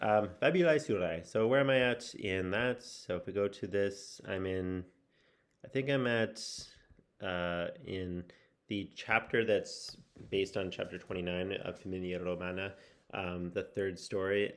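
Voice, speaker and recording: A man talking through a casual video update on his language study, rambling and musing with lots of restarts. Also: deep voice. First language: English. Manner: rambling, with many fillers and restarts; musing and self-reflective. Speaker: language-learning vlogger. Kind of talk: casual spoken progress update.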